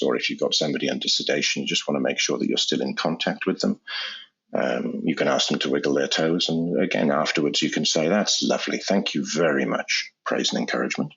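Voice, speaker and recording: A man speaking as an anesthesiologist guest in an interview, explaining in a measured way and often repeating words as he restarts. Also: a bass voice, vocal fry, a bit bright, husky. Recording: dull lo-fi sound.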